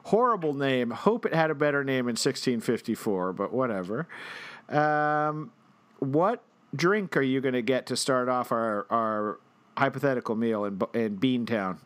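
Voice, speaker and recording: Male co-host, playful and jokey, lively pitch, unhurried delivery. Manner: playful, laughs often, slips into jokey voices. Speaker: podcast co-host. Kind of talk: casual comedic chat.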